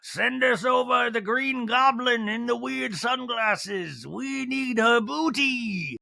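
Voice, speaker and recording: A man voicing a swaggering male pirate, hailing another ship in a slow, exaggerated drawl. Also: extremely high pitch, gravelly, pushed and bright, no echo, clean studio sound, voice pushed up, heavily acted. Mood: hammy. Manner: drawn-out, exaggerated pirate hail.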